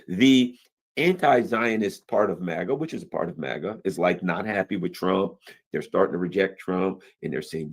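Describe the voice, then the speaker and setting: A man hosting a casual political commentary show, talking emphatically with rhetorical questions and quick mimicked asides. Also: low-pitched, expressive, slightly rough. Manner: mimics other people in quick quoted asides.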